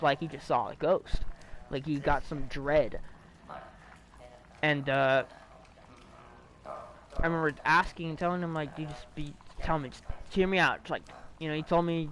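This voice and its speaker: A man's voice: fairly high pitch, a bit bright, low-quality recording. A young man with a slightly raised voice chats casually to his stream audience. He rambles through a ghost story with restarts, fillers and plenty of swearing, in a loose, offhand way.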